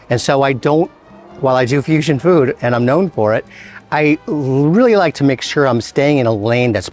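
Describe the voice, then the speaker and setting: Chatty chef man walking through a recipe. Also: medium pitch. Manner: relaxed, chatty, explains each step with playful asides. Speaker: chef and show host. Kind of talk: cooking demonstration.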